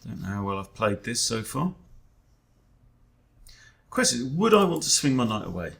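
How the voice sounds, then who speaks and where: A man's voice: mid-range voice, big pitch swings, normal speed, vocal fry, fairly bright tone. A man, a chess coach, thinking aloud during an online game in a wry, self-deprecating way, often muttering to himself.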